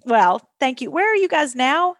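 A woman's voice: high-pitched, very animated, normal speed, crowd noise. Bubbly Kentucky woman podcast host. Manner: bubbly, gushing, laughs often. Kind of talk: casual interview chat.

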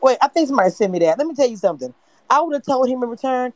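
A woman's voice: high-pitched, expressive, fast, no echo, dull audio. Profane, blunt woman host, dry mic. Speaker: show commentary host. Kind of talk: live-stream reality show chat.

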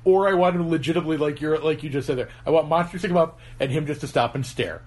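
A man's voice: fairly high pitch, fast, darkish tone. A man co-hosting a podcast, winding through stories in loose casual chat. He pads his talk with fillers and laughs as he goes. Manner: rambling storyteller, laughs often, many fillers. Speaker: podcast co-host.

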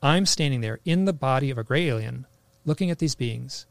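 A man's voice: medium pitch, animated, brisk, creaky, dry recording. A man telling a personal story in casual conversation, rambling with lots of "like" fillers and restarts. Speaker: interview guest.

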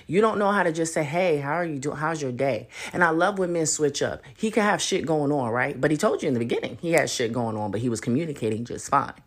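A young adult woman hosting a solo podcast, talking in a blunt, profane and animated way. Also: low voice, quick pace, hardly any pauses, breathy edge. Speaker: podcast host. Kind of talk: casual solo podcast rant.

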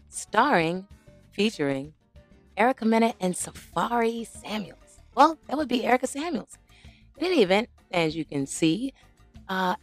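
A young adult woman hosting her channel, chatting casually while reading out social media comments, with drawn-out hums and asides. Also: on the low side. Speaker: channel host.

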